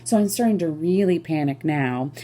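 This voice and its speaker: A woman performs a confessional comic story on her own. She sounds casual and chatty, with lots of "like" and quick self-corrections. Her voice sits a little low and comes across mellow. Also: expressive. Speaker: solo performer.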